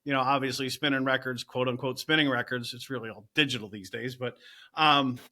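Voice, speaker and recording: A middle-aged man working as a real estate agent, a podcast guest talking in energetic bursts full of "you know" and "right?". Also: mid-range voice, a little fast. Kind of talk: casual interview chat.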